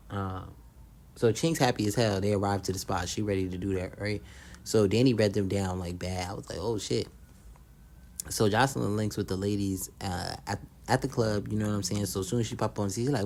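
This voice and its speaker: A man's voice: lowish voice, a little mellow. A young man casually recapping a reality show, blunt and profane, gossiping and acting out what the cast said.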